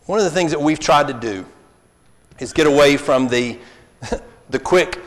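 A man's voice: on the high side, expressive, normal speed. A man preaching a sermon, earnest and pleading, acting out apologies to make his point. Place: church hall. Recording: long reverb of a church hall.

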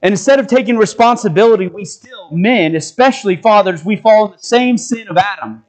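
A man's voice: high-pitched, a little fast, poor audio. A man preaching a sermon, exhorting his listeners with stacked rhetorical questions.

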